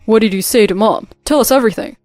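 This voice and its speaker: A woman's voice: fairly high pitch, quick pace, no echo, faint music behind, lightly acted. A woman voicing furious grown men confronting. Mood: angry. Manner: shouting, confrontational. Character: angry grown men of the family, sons and father. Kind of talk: narrated drama story.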